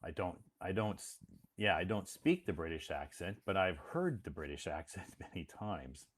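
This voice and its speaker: A man from the United States with a very low voice talks on a casual live stream. He speaks slowly and patiently and repeats key words so that learners can follow. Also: expressive, breathy edge. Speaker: live stream host and English teacher. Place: home in Beijing.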